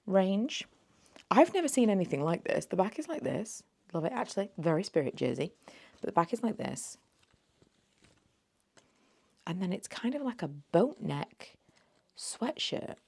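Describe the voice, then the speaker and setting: A woman's voice: mid-range voice, big pitch swings, moderate pace, vocal fry, a little mellow. A woman near forty, chatting casually through a thrift haul, rambling and a little slurred as if just woken. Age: late 30s. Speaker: beauty vlogger.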